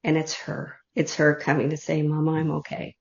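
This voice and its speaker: A woman leading an online group reading, speaking softly and heartfelt in loose, run-on phrases. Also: deep voice, completely flat delivery, normal speed, creaky. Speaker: intuitive reader leading an online group session. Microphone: video call. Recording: dull lo-fi video call audio.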